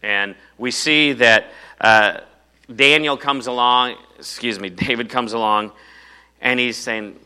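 A man preaching a sermon in a conversational, animated way, full of rhetorical questions to his congregation. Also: medium pitch, takes it slowly, clean tone. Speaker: pastor.

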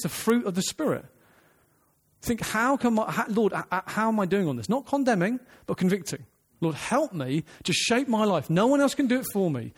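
An earnest man preaching a sermon, emphatic, restarting phrases and asking the listeners questions. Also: sits high.

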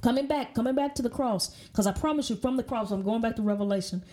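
Woman, Bible study teacher, emphatic, keeps asking "okay?", slightly high voice. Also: quick pace, dark tone. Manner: emphatic, repeats "okay?" and restarts.

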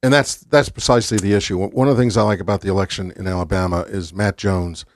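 A man who is a politician, speaking in a measured way on a radio talk show and filling his pauses with um and uh. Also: low-pitched, fairly even intonation, no echo, studio quality. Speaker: politician guest. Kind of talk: radio studio conversation.

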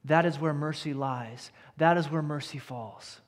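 High-voiced preacher in a reverberant hall. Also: male voice, unhurried. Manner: earnest preacher, dropping to a hush at key lines. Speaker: pastor. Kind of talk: sermon. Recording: church hall with long reverb.

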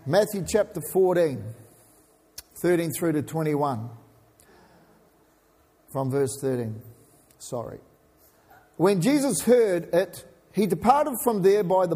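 A man's voice: sits high, darkish tone, breathy edge. A man preaching a sermon as pastor, chatting and joking with his congregation between scripture readings. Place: church hall. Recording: long hall reverb.

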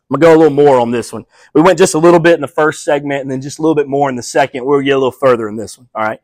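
A man preaching as a pastor, passionate, swinging between loud emphasis and hushed, quiet quoting. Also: mid-range voice, no echo, low-quality recording. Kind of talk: sermon.

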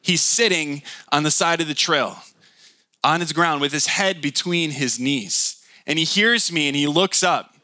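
A man's voice: a little high, measured pace, pushed and bright, dry recording. A man in his thirties preaching a conversational sermon, often asking the listeners questions. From Michigan. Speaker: pastor.

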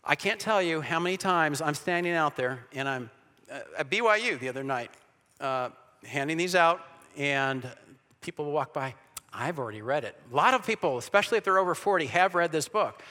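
A man's voice: fairly high pitch, animated, a little fast, bright, forceful tone. A man giving a preached talk to an audience, emphatic, with sarcastic asides, rhetorical questions and frequent restarts. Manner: frequent restarts and repeated words. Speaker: Christian speaker on evangelizing. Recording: long hall reverb.

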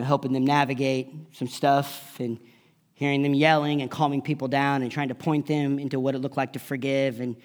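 A middle-aged pastor with a mid-range voice preaches a sermon built around a personal story, suddenly surging into loud, emphatic peaks and then dropping to a whisper.

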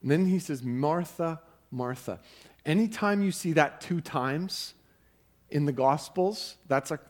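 A man's voice: a little high, unhurried. A man preaching a sermon in a conversational way, often repeating words as he starts a sentence. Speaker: pastor.

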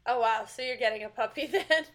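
A young woman co-hosting a casual podcast, telling stories with loud laughs and free swearing. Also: on the high side, brisk. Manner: animated storyteller, swears freely, laughs loudly. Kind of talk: casual chat.

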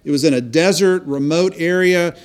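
Earnest pastor, slightly high voice. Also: male voice, moderate pace. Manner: earnest storytelling with frequent restarts. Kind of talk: sermon.

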